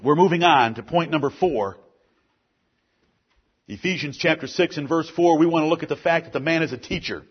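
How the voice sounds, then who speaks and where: A man's voice: a little high, brisk, pauses often, husky, lo-fi sound. A man preaching a sermon as pastor, building emphasis through repeated lists.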